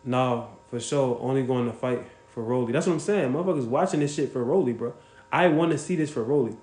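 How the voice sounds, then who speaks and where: On his casual stream, the host talks slightly fast, cursing and speaking his mind as he responds to viewers and calls them out by name. His pitch is average for a man, and the recording has a roomy echo.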